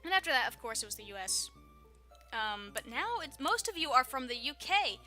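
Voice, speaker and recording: A woman's voice: high-pitched, lively intonation, brisk, sharp tone, faint music behind. A woman in her twenties from Texas with a Southern accent, chatting casually to her viewers, rambling and laughing often. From Texas, USA. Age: 20s. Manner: giggly, rambling, self-deprecating. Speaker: YouTuber. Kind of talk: casual vlog talk.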